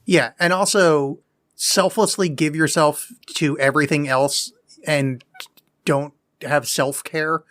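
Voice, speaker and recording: A man's voice: fairly high pitch, steady tone, takes it slowly, fairly bright tone, no echo, clean studio sound. A man with a New Jersey accent co-hosting a casual podcast, joking around and laughing often. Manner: jokey, laughs often, puts on voices. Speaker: podcast co-host. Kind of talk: casual chat.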